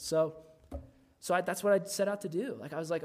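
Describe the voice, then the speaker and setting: A man's voice: a little high, fairly quick, a little hiss or hum. A man telling a personal faith story in a casual way, full of "like" fillers.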